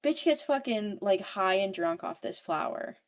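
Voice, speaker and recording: A woman podcast host giving a casual book recap in a profane, animated storytelling style. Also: mid-range voice, unhurried.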